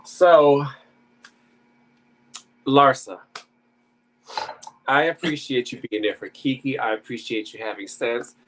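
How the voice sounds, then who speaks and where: A man's voice: mid-range voice, slow, long pauses, a bit bright, a little hiss or hum, poor audio. Frank man giving his TV opinions. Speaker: podcast co-host. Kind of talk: casual reality TV recap.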